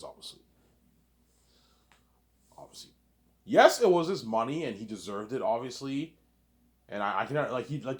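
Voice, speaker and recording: Fast-talking low-voiced rambling man. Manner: repetitive and profane, says 'obviously' a lot. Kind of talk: rambling solo monologue.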